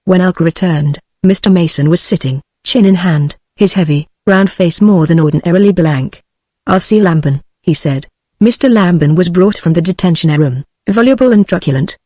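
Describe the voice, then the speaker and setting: A woman's voice: fairly low pitch, moderate pace, no room sound. British female text-to-speech narrator. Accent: British English. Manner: even synthetic speech, phrase-by-phrase delivery. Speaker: audiobook narrator. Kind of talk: text-to-speech book reading.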